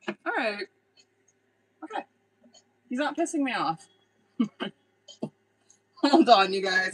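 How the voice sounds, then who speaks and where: A woman's voice: fairly high pitch, very animated, unhurried, pauses often, fairly bright tone, husky, poor audio. A young adult woman doing a casual live tarot reading, blunt and chatty, swearing freely and laughing often. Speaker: tarot reader.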